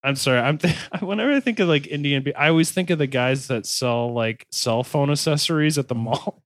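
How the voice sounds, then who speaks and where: Podcast host, male, a touch high-pitched, dry close sound, jokey reader of history notes. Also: brisk, no room sound. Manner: laughs often, goofy bits. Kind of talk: casual chat, reading history notes.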